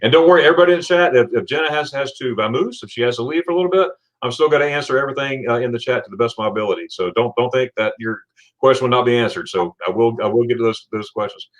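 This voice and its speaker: A man's voice: mid-range voice, rapid-fire. A man hosting a casual livestream, chatting with a guest and reading viewer comments aloud, with frequent restarts. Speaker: livestream host.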